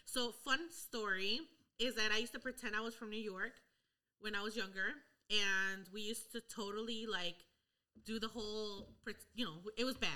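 Bright, playful woman chatting. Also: mid-range voice, fairly even intonation, moderate pace. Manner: playful, jokey, breaks into singing. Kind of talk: casual chat, playing a trivia game.

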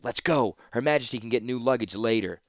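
A man voicing a sardonic, fearless, sharp-tongued woman in an audiobook, his tone wry and cutting. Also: medium pitch, fairly quick, no echo, studio quality, close to an everyday voice. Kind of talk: audiobook character voice.

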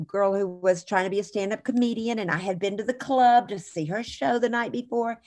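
A middle-aged woman guest in an interview, telling chatty, animated anecdotes with frequent restarts. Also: mid-range voice, brisk. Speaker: actress guest. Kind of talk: casual interview storytelling.

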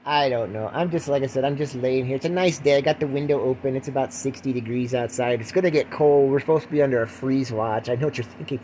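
A man's voice: mid-range voice, fast talker, a little mellow, a little hiss or hum. An older man hosting a rambling solo podcast, mocking himself while lying at home with the window open. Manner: rambling, self-mocking, breaks into mock voices. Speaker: podcast host.

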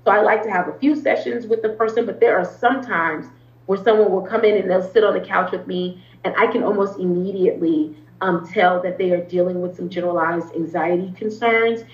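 An earnest woman therapist talks through her ideas in a relaxed interview, often pausing on "um" and restarting her sentences. Her voice sits at an ordinary pitch. The recording sounds roomy and a little dull. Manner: earnest, explains at length with frequent ums and restarts. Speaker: therapist, podcast guest. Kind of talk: conversational interview talk.

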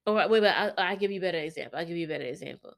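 A woman's voice: on the low side, racing, creaky, a bit bright. A woman talking with her husband in a casual couple's chat, hesitant and reflective, explaining her point through examples. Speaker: wife in a couple's vlog.

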